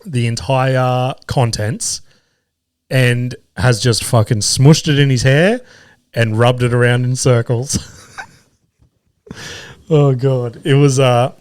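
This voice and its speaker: A man's voice: medium pitch, steady tone, slow pace, long pauses, a little mellow, clean tone, dry recording, studio quality. A man hosting his own podcast, telling home and comedy stories in a casual, sweary way and laughing at himself. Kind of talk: casual solo podcast storytelling.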